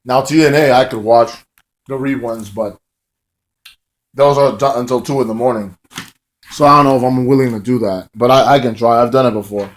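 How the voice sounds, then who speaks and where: A man's voice: medium pitch, steady tone, normal speed. Rambling casual male wrestling reviewer. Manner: loose and rambling, full of fillers. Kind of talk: casual spoken recap.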